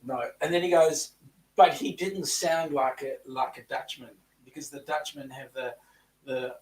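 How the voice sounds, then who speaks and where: A man's voice: mid-range voice, fairly even intonation, a little slow, distant mic, poor audio. A man co-hosting a live chat stream, speaking with a South African-tinged Australian accent and reading out viewer comments. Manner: chatty, reads out viewer comments. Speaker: co-host.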